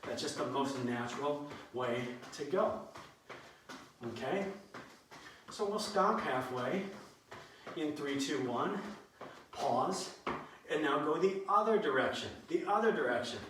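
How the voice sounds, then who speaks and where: A man's voice: fairly high pitch, lively intonation, unhurried, long pauses, far from the mic. Man, fitness instructor, counting reps, joking asides, echoey room, faint background noise. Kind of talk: live workout coaching.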